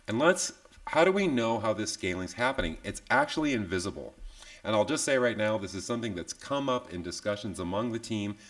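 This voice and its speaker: A man with a slightly low voice walks viewers through a live online software tutorial. He talks in an easy, conversational way, tossing in "yeah?" checks and little jokes at his own expense. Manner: relaxed, chatty, tag questions like "yeah?"; self-deprecating asides. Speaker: software instructor.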